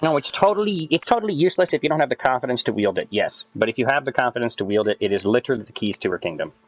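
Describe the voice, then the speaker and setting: Fast-talking, fired-up man lecturing friends. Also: mid-range voice, no echo, rough recording. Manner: lecturing, excitable, swears a lot, voice climbs when worked up. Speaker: streamer. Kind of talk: casual chat with friends while gaming.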